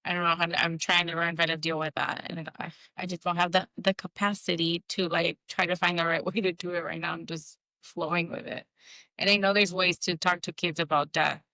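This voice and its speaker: Soft-spoken woman with a bright clear voice. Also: on the low side, level tone, dry recording, low-quality recording. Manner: halting, many restarts and fillers. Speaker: podcast co-host. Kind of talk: casual heartfelt conversation.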